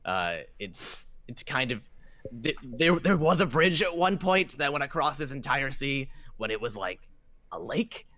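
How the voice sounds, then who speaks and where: A hoarse man voicing a bitter, rude male demon ferry captain in a put-on British accent, sarcastic and exasperated. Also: medium pitch, sing-song, measured pace, bright, forceful tone, voice pushed up. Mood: matter-of-fact.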